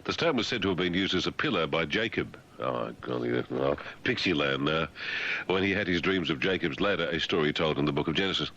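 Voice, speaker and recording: A man's voice: a bass voice, expressive, fairly quick, fairly bright tone. A male radio host reading the news in a comic way, breaking off for dry, sarcastic asides. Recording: dull lo-fi radio broadcast.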